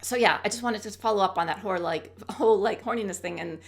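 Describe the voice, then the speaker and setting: A woman in her thirties vlogging casually to camera, chatty and animated, acting out her own thoughts. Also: mid-range voice, fast, creaky. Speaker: YouTube coach and vlogger. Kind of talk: casual talking-to-camera vlog.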